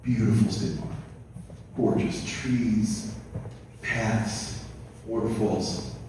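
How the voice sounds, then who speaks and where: Male storyteller, lecture to an audience, animated, hushed then loud, distant mic, very echoey hall. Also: extremely slow, a little hiss or hum. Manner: animated storyteller, moving between hushed narration and loud high quoted voices. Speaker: guest speaker. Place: community center hall. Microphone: far from the mic.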